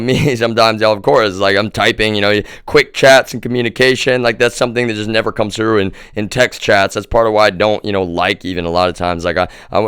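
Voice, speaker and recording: A man's voice: sits low, a bit bright, smooth, no room sound, studio quality. A man livestreaming an angry, profane monologue and calling his viewers "y'all". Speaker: livestream host. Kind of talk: live stream monologue.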